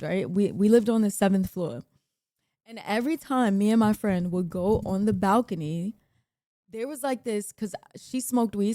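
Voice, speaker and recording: A woman with a New York accent telling a long, profane story in a casual, animated way, shouting out the lines she quotes. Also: medium pitch, no room sound, clean studio sound. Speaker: streamer.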